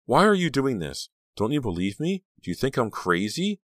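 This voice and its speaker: A man voicing a frightened, desperate teenage girl who cries out in a high, pleading voice. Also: very animated, normal speed, no echo, clean studio sound.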